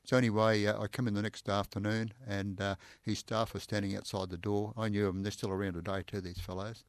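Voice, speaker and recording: A man's voice: fairly low pitch, brisk, no echo. An older man with an Australian accent, a former police inspector, telling stories in an interview with frequent "I said" repeats and laughter. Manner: animated, repeats "I said" often, laughs while telling. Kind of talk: anecdotal storytelling in conversation.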